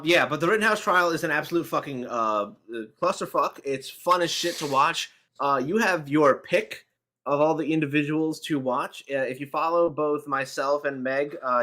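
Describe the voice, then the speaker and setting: A man's voice: a little high, normal speed, bright, forceful tone. A man co-hosting a casual podcast chat, joking and swearing freely. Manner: swearing, joking, lots of restarts. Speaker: podcast co-host.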